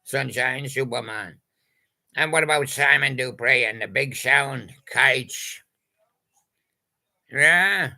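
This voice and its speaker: Slow gravelly older man. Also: medium pitch, sharp tone, rough recording. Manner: slow, rambling, punning, with little sung snatches and put-on bits. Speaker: storyteller doing joke monologue about old pop songs. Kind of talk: rambling comic monologue.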